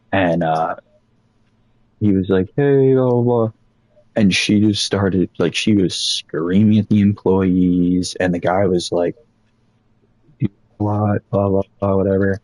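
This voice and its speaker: A young man casually telling a rambling, profane story about old jobs, animated as he quotes people. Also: deep voice, no room sound, poor audio.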